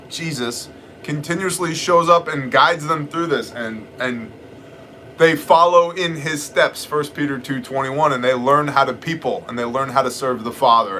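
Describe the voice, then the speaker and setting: Blunt, joking middle-aged male streamer, bright tone, faint room noise. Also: medium pitch. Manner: blunt, joking, rambling asides. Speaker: livestream host answering chat questions. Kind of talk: casual live chat.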